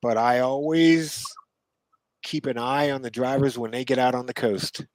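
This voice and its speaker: A man co-hosts a relaxed podcast conversation, spinning unhurried stories full of asides and little chuckles. His voice sits in a middle register, and the sound is close and dry with no room echo. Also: medium pitch. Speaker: co-host. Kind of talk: casual podcast chat.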